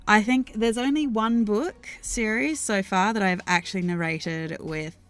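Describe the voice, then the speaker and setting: A woman's voice: mid-range voice, measured pace, clean tone. An Australian woman chatting casually on a live stream, rambling thoughtfully with many ums and restarts as she answers chat. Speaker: streamer and worldbuilder. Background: faint background music.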